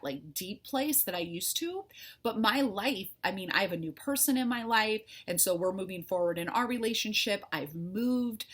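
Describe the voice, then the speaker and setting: A woman's voice: medium pitch, a bit bright, husky. A middle-aged woman coach talking candidly to her followers, heartfelt and conversational, with a faith-filled manner. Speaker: life coach. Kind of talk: candid personal talk to followers.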